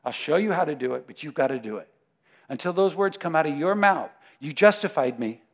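A man preaching a sermon, emphatic, moving between loud declarations and hushed prayer. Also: on the high side, lively intonation, fast talker.

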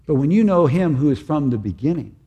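An older man preaching a sermon in an earnest, halting way, often restarting his phrases. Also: fairly high pitch, animated, mellow, slightly rough, muffled recording.

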